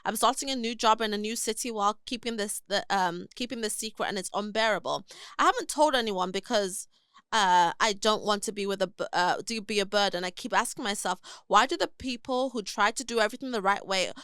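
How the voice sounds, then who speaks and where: A young woman on a podcast, reading a listener's email aloud in an earnest, measured way. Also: medium pitch, a bit bright, clean tone, no echo, studio quality. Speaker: podcast co-host.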